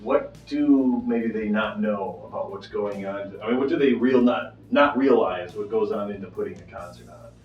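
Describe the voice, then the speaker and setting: A man's voice: fairly low pitch, moderate pace, hardly any pauses, soft background music. A man hosting a radio interview, asking friendly, jokey questions. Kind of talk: casual interview. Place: backstage in a large indoor arena. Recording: echoey, distant, dull lo-fi sound.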